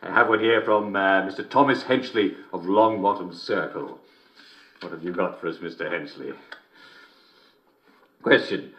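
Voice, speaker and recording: A man's voice: low-pitched, normal speed, long pauses, a bit bright, lo-fi sound. An actor playing a jovial, middle-aged English TV host who chuckles between lines with a smarmy showman delivery, in a scripted game broadcast. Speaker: TV and radio host.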